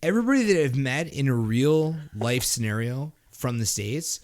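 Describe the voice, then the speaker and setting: A man's voice: mid-range voice, animated, normal speed, a little mellow. A man from Montreal telling a story in casual podcast chat, swearing often and restarting his sentences with lots of "like". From Canada (Montreal). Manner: profane, rambling, with frequent restarts and "like" fillers. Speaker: podcast host.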